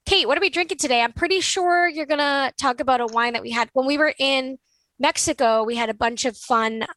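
Upbeat higher-voiced woman podcast co-host. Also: fairly quick, a bit bright, no room sound, poor audio. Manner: upbeat, conversational, leads segments. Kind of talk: casual podcast chat.

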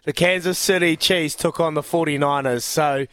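A man's voice: fairly high pitch, fairly even intonation, normal speed, fairly bright tone, no echo. A man hosting a radio show, playful and teasing in casual banter. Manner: playful, teasing, laughs easily.

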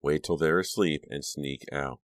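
A man voicing an easygoing, joking teenage boy with a soft, dry tone. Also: very deep voice, moderate pace, dry recording.

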